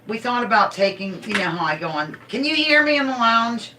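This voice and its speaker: A woman's voice: fairly high pitch, big pitch swings, fairly quick, background noise. A middle-aged woman hosting a casual home livestream, chatty, playful and rambling. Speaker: livestream host. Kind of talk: casual live-stream chat.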